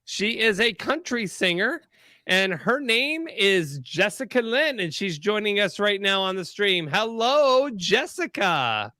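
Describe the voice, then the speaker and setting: A man's voice: high voice, very animated, unhurried, pushed and bright, no echo. A male host of a live-stream show, easygoing and rambling. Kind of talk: casual chat.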